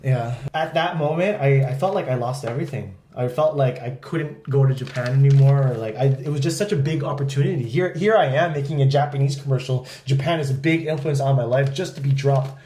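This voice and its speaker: A man's voice: mid-range voice, fairly quick, few pauses, mellow. Earnest young man, roomy sound. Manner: earnest and emotional, many "like" fillers. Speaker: guest telling a personal story. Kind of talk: casual chat. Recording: roomy echo.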